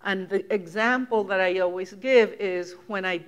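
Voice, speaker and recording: Older woman from Puerto Rico, lecture guest, reflective and chatty, laughs often, mid-pitched. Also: moderate pace, clear, resonant tone, muffled recording. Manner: reflective, laughs often, many restarts and fillers. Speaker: guest author giving a lecture. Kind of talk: conversational lecture.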